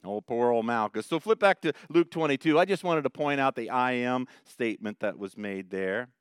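Male pastor, sermon delivery, smooth clear voice, dry close sound, animated retelling. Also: medium pitch, moderate pace, dry recording. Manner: animated, dramatic retelling with rising emphasis. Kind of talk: expository sermon.

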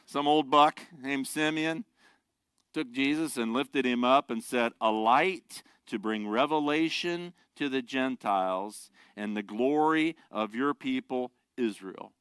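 A man's voice: on the high side, a bit bright, clean tone, no echo. A middle-aged man preaching a sermon, a pastor who talks conversationally and jokes with the congregation. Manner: conversational, joking asides to the congregation.

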